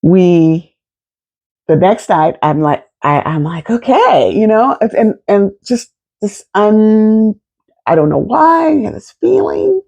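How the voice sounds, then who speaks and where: Give me a gravelly woman in her fifties telling a story on her vlog, lively and expressive. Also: mid-range voice, takes it slowly, dull audio. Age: 50s. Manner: animated, expressive, swears freely. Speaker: vlogger. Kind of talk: casual storytelling to camera.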